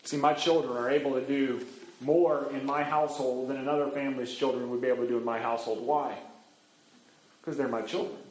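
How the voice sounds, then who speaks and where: A middle-aged man preaching a sermon as a pastor, animated, swinging his pitch up and down as he acts out quoted voices. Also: a little fast, roomy sound, low-quality recording.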